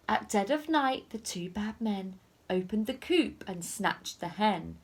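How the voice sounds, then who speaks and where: A woman's voice: medium pitch, expressive, a little slow. A woman teacher reading a picture book aloud to children in a sing-song storytelling manner.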